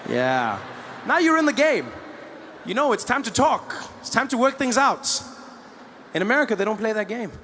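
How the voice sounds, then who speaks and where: A man's voice: very high-pitched, lively intonation, fairly quick, pushed and bright, long reverb tail, a little hiss or hum. A man doing a stand-up comedy routine, telling a story and acting out the dialogue. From South Africa. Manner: storytelling, acts out both sides of dialogue.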